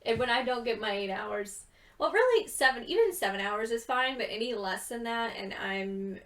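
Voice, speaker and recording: A woman's voice: a little high, animated, moderate pace, a bit bright, recorded from a distance. A young woman chatting casually and rambling with giggles, tired from too little sleep. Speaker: gaming video creator. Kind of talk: casual chat over gameplay.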